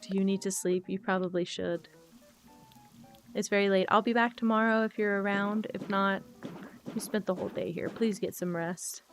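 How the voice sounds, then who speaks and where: A woman's voice: mid-range voice, steady tone, moderate pace, faint music behind. A woman streaming a game, chatting casually and emotionally with viewers while she plays.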